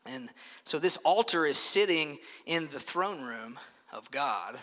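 A man preaching a sermon in a conversational, animated way, with frequent fillers and restarts. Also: a little high, slow. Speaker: pastor. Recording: long reverb of a large hall.

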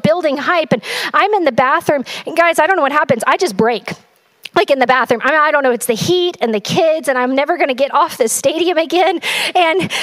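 High-voiced woman telling a chatty story. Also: a bit bright. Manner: chatty and breathless, heavy use of "like". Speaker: church member sharing a testimony. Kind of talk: personal storytelling to a congregation.

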